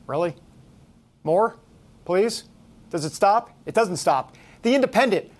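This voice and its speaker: A man's voice: very high-pitched, very animated, moderate pace. A man hosting a talk show, giving sarcastic, incredulous commentary. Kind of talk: opinion commentary.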